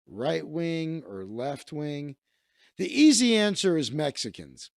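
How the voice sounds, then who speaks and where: A man's voice: a little high, sing-song, takes it slowly, vocal fry, dry recording, clean studio sound. A man around thirty, a comedian and magician hosting his own livestream, telling stories in a profane, rambling way. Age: 30s. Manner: profane, rambling, self-interrupting. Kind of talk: casual comedic rant.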